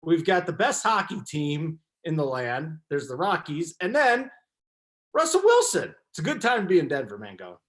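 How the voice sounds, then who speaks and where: A male sports host with a lively, swinging voice sitting a bit high. He keeps the chat loose and teasing with his co-hosts before steering into the picks. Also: moderate pace, few pauses. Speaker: podcast host. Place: lives in the Denver area.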